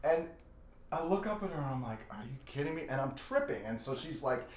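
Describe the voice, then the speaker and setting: A man, a drummer guest, telling a wild anecdote in a laughing, animated way. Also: medium pitch, brisk. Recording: echoey room, faint noise.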